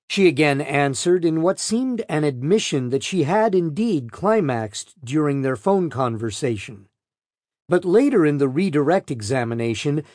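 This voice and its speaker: A man's voice: on the high side, darkish tone, no echo, clean studio sound. A man narrating a true-crime audiobook in a plain, matter-of-fact reading.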